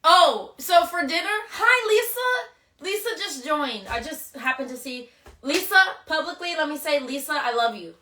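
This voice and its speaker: An emotional woman chats casually on a phone livestream, gushing through her shout-outs. Her voice is bright and forceful, and it sounds distant in a roomy, echoing space. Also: sits high, lively intonation, moderate pace. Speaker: reality show contestant hosting a livestream.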